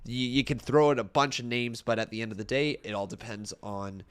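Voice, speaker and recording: Casual stream host, young man, mid-pitched, a bit worn and strained, chats easily with viewers. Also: steady tone, brisk, a bit bright, clear, resonant tone. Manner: chatty, reads out viewer comments. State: tired, slightly strained voice. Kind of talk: casual live-stream chat.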